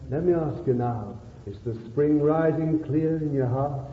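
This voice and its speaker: A man's voice: fairly high pitch, measured pace, a little hiss or hum. English guy preaching, lots of pleading questions, gets fired up, thin phone-like tape in a big echoey hall. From England. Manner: pleading, rhetorical questions, rising to fervent exhortation. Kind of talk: sermon.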